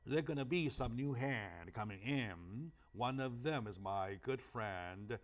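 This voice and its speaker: A male talk show host, natively a Chinese speaker, talks slowly but animatedly in a mid-range voice. He leans on emphatic rhetorical questions during the interview, often asking "right?"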